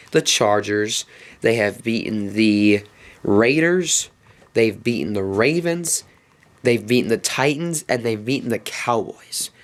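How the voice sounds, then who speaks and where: A man hosting his own sports talk show, giving an emphatic, exasperated fan's rant and thinking aloud. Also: medium pitch. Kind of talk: ranting fan commentary.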